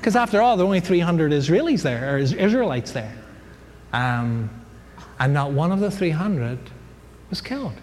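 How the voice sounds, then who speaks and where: A man's voice: fairly high pitch, animated, normal speed, darkish tone. A man teaching a casual Bible class, telling the story with jokes, sound effects and many fillers. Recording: hall reverb, faint background noise.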